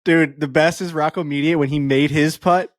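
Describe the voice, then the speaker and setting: A man's voice: on the high side, fairly even intonation, moderate pace, dry recording, studio quality. A young man co-hosting a golf podcast, telling stories with a laugh and acting out what others said. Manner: laughing, acts out quotes, swears. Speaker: podcast co-host. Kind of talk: casual chat.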